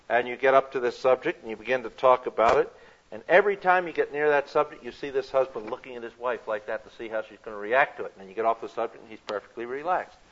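A man's voice: a little high, a bit bright. A man giving an earnest, emphatic lecture on counseling, with illustrative examples. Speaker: counseling teacher. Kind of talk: recorded lecture. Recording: dull lo-fi lecture recording.

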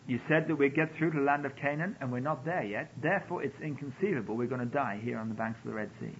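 Man preaching over dull lo-fi radio. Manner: storytelling, acting out quoted pleas. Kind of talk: sermon. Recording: dull lo-fi radio broadcast with faint rumble.

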